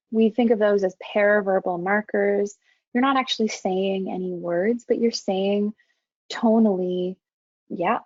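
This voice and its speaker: A woman teaching an online training webinar as a counseling faculty member, speaking in a calm, measured, gentle way. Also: medium pitch, no room sound, highs cut off.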